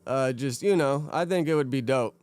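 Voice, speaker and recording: A man's voice: medium pitch, normal speed, darkish tone, clear, resonant tone, no room sound, clean studio sound. A young man chatting casually on a live stream, rambling laid-back and greeting viewers by name. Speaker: streamer reacting to videos and chat.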